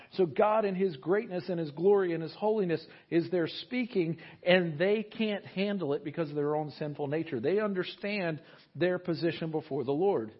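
Animated man preaching a sermon. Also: sits high, lo-fi sound. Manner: animated, jokey asides, acts out quotes. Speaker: pastor.

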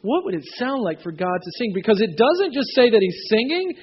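A man preaching a sermon, reading scripture and telling stories with lively acted-out voices. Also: high-pitched, brisk, hardly any pauses, slightly rough. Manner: animated storytelling, acting out voices. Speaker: pastor. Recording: dull, lo-fi sound.

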